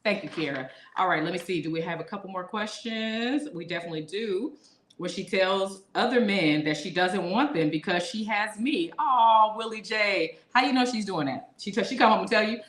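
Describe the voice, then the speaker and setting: A woman's voice: medium pitch, fairly bright tone, reverberant. A woman co-hosting a casual live podcast with her husband, reading out viewer questions with lots of laughter and teasing. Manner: playful, laughing, reads viewer comments aloud. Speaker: podcast co-host. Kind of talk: casual live-stream chat.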